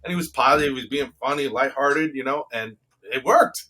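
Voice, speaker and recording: Fast-talking husky man telling stories. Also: mid-range voice. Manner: animated storyteller. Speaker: guest, baseball coach. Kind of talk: casual interview chat.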